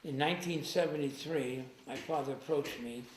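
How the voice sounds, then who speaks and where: A man being interviewed, recounting past events in a halting way, often trailing off quietly. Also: on the high side. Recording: echoey room with faint noise.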